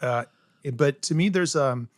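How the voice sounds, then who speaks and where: A middle-aged chef from South Carolina talks through his cooking in an interview, eager and methodical, tagging points with "right?". His voice sits at a middle pitch. The recording is dry and close, with no room sound. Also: moderate pace, dry recording. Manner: enthusiastic, explains step by step with many "right?" tags. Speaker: chef guest. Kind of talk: casual interview chat.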